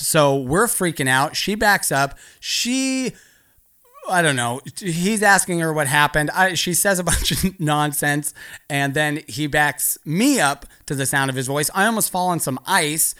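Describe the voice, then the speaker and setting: Bright-voiced man telling a profane comedy story. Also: fairly high pitch. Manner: profane, rambling, laughs through lines. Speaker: stand-up comedian.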